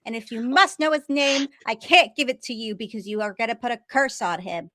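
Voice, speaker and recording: Woman as masked woods flower seller: wary, hesitant, a touch high, dry close sound. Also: brisk, pushed and bright, no room sound. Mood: guarded.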